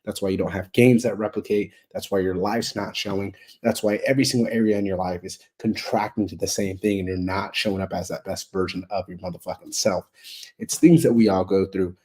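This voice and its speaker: A man's voice: low-pitched, fairly even intonation, brisk, darkish tone, slightly rough. A man delivering a blunt, heavily profane motivational monologue, hammering his points with repetitive emphatic build-ups. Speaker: motivational speaker.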